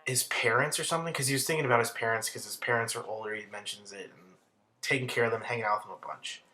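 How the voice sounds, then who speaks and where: A man's voice: medium pitch, fast, sharp tone. A young man giving casual, rambling video commentary with heavy swearing and crude asides. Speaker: commentary channel host.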